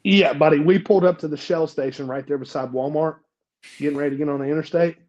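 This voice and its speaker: A man's voice: fairly high pitch, fairly even intonation, fast, a little mellow, dull audio. Young man swearing through a recovery story. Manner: profane, self-mocking, lots of fillers. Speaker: podcast guest. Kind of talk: casual storytelling.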